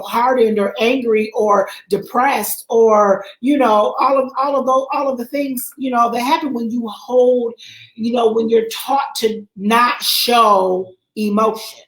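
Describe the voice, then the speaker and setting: A woman with a fairly high voice talks as a guest, slowly and haltingly. She restarts her sentences and repeats words as she goes. Her voice carries an echoey room sound. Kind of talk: conversational talk.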